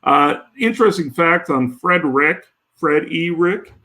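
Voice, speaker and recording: A man who is a guest on a podcast, telling stories in a jokey, rambling, animated way. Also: fairly high pitch, measured pace. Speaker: podcast guest, home cook. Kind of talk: casual storytelling chat.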